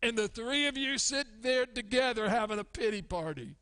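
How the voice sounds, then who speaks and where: A man preaching a sermon as pastor, acting out grumbling churchgoers in an animated way. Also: extremely high pitch, normal speed. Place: church sanctuary. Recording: long church hall reverb.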